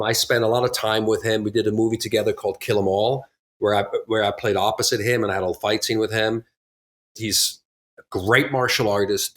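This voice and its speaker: A middle-aged man, a guest on an interview podcast, telling stories about his career casually and animatedly, often acting out what others said. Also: lowish voice. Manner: animated, acts out quotes from others, laughs often.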